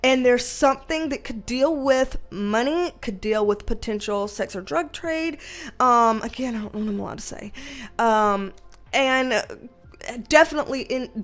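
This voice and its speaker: Tarot reader, woman, slightly high voice, rambly and emotional, faint music under her. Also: moderate pace. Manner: chatty, rambling, emotional, many fillers. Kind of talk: casual tarot reading video.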